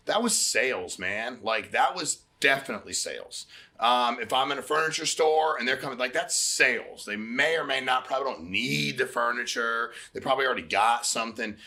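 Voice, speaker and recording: A middle-aged man hosting a recruiting meeting, giving a casual motivational pitch and telling stories with quoted dialogue. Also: pushed and bright. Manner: conversational, storytelling with quoted dialogue, repeats phrases.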